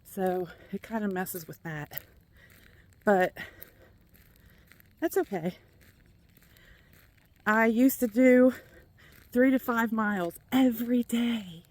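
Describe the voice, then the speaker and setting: Middle-aged woman, Kentucky accent, out of breath, unhurried rambling chat, walking outdoors, phone mic. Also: a little high. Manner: chatty, rambling, talks to viewers while walking laps. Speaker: vlogger. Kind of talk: casual chat while walking. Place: outdoors, walking around a neighborhood.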